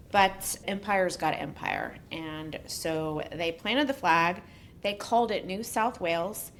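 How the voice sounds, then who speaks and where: A woman's voice: medium pitch, a little hiss or hum. A woman co-hosting a casual podcast, reading a prepared story with joking asides. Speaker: podcast co-host.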